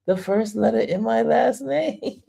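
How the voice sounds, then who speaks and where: Gravelly, laughing livestream host. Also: male voice, very high-pitched, measured pace. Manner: animated, laughs often, reads chat aloud. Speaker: livestream host reading viewer comments. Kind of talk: casual live chat.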